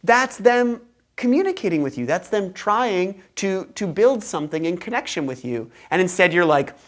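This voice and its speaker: A woman's voice: mid-range voice, animated. A woman co-hosting a casual panel discussion, talking earnestly with frequent restarts and filler words. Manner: earnest, halting with many restarts and "like".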